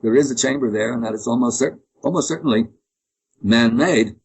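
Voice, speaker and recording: Interview guest: man, husky tone, opinionated, rambling. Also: mid-range voice, brisk, rough recording. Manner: opinionated, rambling with frequent restarts. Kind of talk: conversational interview.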